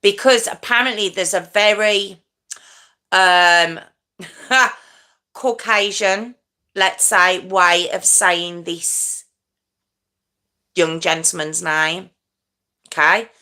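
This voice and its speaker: Woman, middle-aged, live true crime host, bright voice, low pitch, self-correcting ramble. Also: fairly even intonation, drawn-out words, long pauses. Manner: chatty, self-correcting, stumbles over words. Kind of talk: rambling casual live chat.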